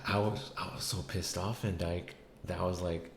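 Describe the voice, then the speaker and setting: A man's voice: low-pitched, steady tone, normal speed. A man hosting a podcast, telling a story casually, rambling and swearing with lots of fillers. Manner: rambling, profane, many fillers. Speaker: podcast host. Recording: echoey room with faint noise.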